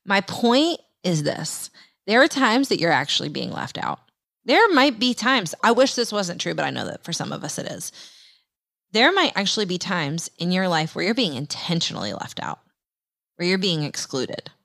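A woman in her thirties hosting a faith podcast, telling a personal story in an animated way and acting out her own past voice. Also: moderate pace, gravelly, no echo, studio quality. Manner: animated, acts out her own quoted voice in higher pitch. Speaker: podcast host.

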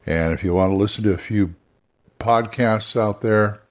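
A man's voice: fairly low pitch, moderate pace. An older man hosting a solo podcast, giving casual, rambling advice and often restarting his sentences. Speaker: podcast host.

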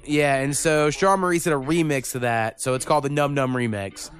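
A man's voice: medium pitch, brisk. A man hosting a casual music podcast, talking loosely and swearing often. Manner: loose, profane, rambling. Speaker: podcast host.

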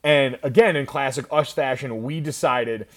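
A man's voice: medium pitch, normal speed. A man hosting a family podcast, steering the chat in a casual, jokey way. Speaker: podcast host.

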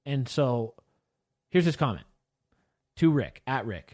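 A man's voice: mid-range voice, sing-song, takes it slowly, pauses often, a little mellow. A man co-hosting a casual chat show, rambling a little and reading listener comments aloud. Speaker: podcast co-host.

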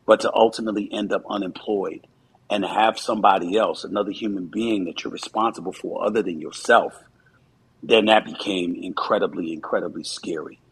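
A man's voice: sits low, fairly quick, fairly bright tone, breathy edge, rough recording. A man in his fifties, a commentator, giving earnest, reflective interview answers with frequent fillers.

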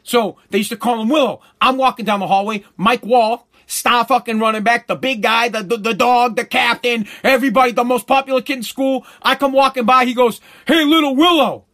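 A man's voice: very high-pitched, fairly even intonation, a little fast, hardly any pauses, pushed and bright. A middle-aged man, hosting a show and telling a profane story bluntly, with many restarts. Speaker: show host.

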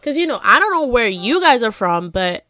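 Female podcast co-host, casual storyteller, foul-mouthed, clear tone, dry close sound. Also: fairly high pitch, sing-song, moderate pace, pushed and bright, dry recording. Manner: swearing, storytelling with lots of "like". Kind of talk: casual chat.

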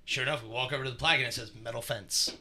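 This male co-host of a podcast speaks very fast at a medium pitch, his tone steady yet sharp. Telling a story in relaxed conversation, he curses liberally, wanders off track, and leans on plenty of filler words.

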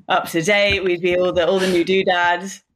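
Playful English woman, low voice. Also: little pitch movement, normal speed, background noise. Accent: Southern English. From Southeast England. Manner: playful, teasing. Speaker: podcast guest. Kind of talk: casual chat.

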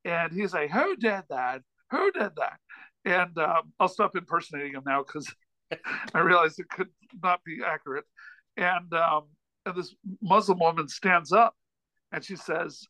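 A man's voice: a little high, steady tone, normal speed, bright, forceful tone, no room sound, low-quality recording. A man, a comedian and author, telling a long anecdote as a podcast guest, rambling with frequent restarts and self-deprecating asides. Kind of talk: casual storytelling in a chat.

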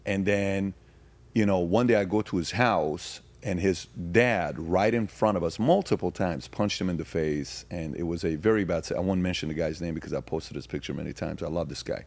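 A man talking as a podcast guest, telling personal stories and then arguing his point emphatically with rapid rhetorical questions. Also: deep voice. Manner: frequent fillers and restarts. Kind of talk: casual conversation, storytelling.

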